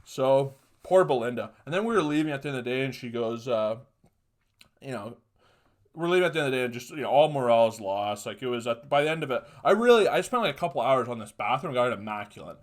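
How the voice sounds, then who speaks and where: A young man talks through a solo podcast story in loose, off-the-cuff chat. He swears constantly, trails off into asides and works himself up into loud, heated rants. His pitch sits right in the middle for a man. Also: quick pace. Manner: profane, rambling, gets loud and heated when ranting. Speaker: podcast host.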